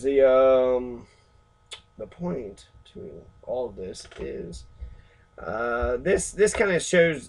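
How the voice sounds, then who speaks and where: A man with a gravelly, husky voice who rambles through casual movie commentary. He talks in halting bursts, swears freely, and fills the gaps with ums. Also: medium pitch, poor audio. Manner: rambling, profane, halting with fillers. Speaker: reaction video host.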